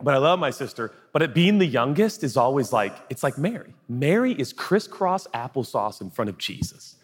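A male pastor preaching a sermon in an animated, jokey, conversational way. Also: medium pitch, normal speed, husky. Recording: long echoey hall reverb.

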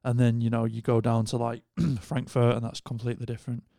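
Brief gravelly Wigan man chatting. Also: mid-range voice, flat delivery, a little fast, warm tone, dry recording, studio quality. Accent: Northern English, Wigan. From Wigan, England. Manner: laid-back, chatty, lots of slang. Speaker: touring crew member, podcast guest. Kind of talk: casual chat.

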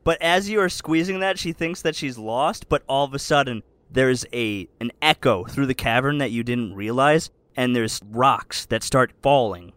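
A man's voice: medium pitch, normal speed, few pauses, fairly bright tone, no echo. A man narrating a tabletop game as game master, describing scenes steadily.

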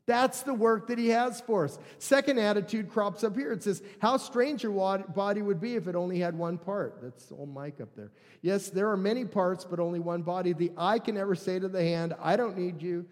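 Man, pastor, sermon, high voice, animated and joking, church hall with long reverb. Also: normal speed. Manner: animated, conversational, jokes with the congregation.

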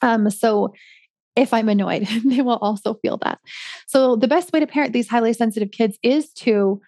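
A woman's voice: on the high side, moderate pace, darkish tone, no room sound, clean studio sound. A woman hosting a solo parenting podcast, chatting casually with many ums and likes. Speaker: podcast host, parenting coach.

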